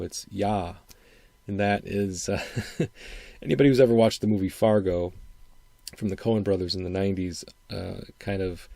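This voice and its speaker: A man's voice: fairly low pitch, mellow, no room sound. A middle-aged man from Wisconsin with a faint upper Midwestern accent, hosting a solo podcast in a rambling, thinking-aloud way. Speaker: podcast host. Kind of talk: casual solo podcast commentary.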